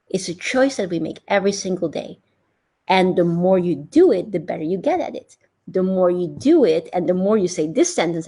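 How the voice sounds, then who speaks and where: A woman coaching her online members in a live motivational talk, earnest and animated, acting out inner doubts and cheers. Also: medium pitch. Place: recorded for a live stream.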